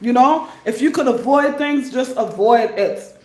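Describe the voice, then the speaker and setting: A woman's voice: on the high side, measured pace, a little mellow. A woman giving casual advice to her viewers, emphatic and rambling, repeating her points for stress. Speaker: vlogger. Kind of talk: casual advice monologue to camera. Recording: echoey room.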